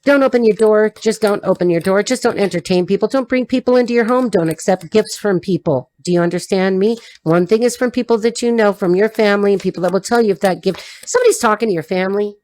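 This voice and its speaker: A woman's voice: mid-range voice, fast talker, few pauses, a little mellow. A woman giving an intuitive tarot reading to her audience, free-associating and repeating herself in a blunt, emphatic way. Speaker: tarot reader.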